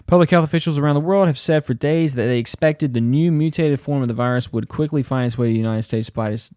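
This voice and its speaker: A man's voice: mid-range voice, warm tone, no room sound, clean studio sound. A man hosting a podcast, reading a news article aloud and breaking in with sarcastic, mocking asides. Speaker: podcast host.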